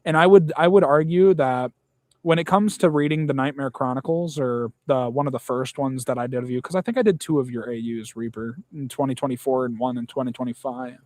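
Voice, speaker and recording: A man's voice: medium pitch, brisk, darkish tone, no echo. A young man in casual chat, blunt and rambling, swearing often.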